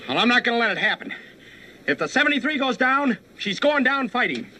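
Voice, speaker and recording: An actor playing a flustered, earnest young navy ensign who stammers and pleads, in a 1960s sitcom. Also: male voice, very high voice, big pitch swings, fairly quick, sharp tone, full character voice. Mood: determined. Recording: noisy old TV soundtrack.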